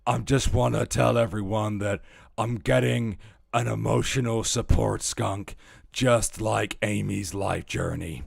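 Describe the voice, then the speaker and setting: A man putting on a mocking impression of a female streamer, slow and sighing. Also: on the low side, steady tone, vocal fry, slightly rough, dry recording, clean studio sound, heavily acted. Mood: mopey.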